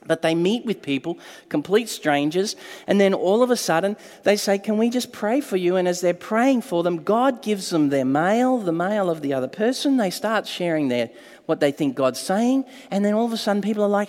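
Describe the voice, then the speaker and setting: A man's voice: high voice, moderate pace, long reverb tail. A man preaching a sermon as a pastor, telling stories animatedly and acting out the quotes. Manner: animated storytelling with acted-out quotes.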